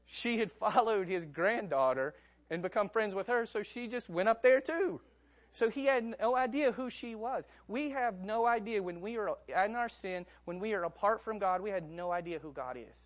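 Young male preacher, fairly high voice, storytelling sermon, drops to a hush and then builds to emphasis. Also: lively intonation, moderate pace. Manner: storytelling, swings from hushed to emphatic.

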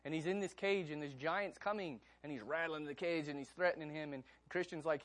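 Conversational preacher, slightly high voice. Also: male voice, a little fast. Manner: conversational, animated, asks the congregation questions. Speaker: pastor. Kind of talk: sermon.

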